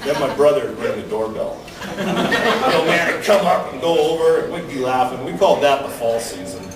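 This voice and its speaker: A man performing a stand-up comedy set, telling stories deadpan, each ending on a punchline. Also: fairly high pitch, moderate pace. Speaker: stand-up comic. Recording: roomy, distant mic with background noise.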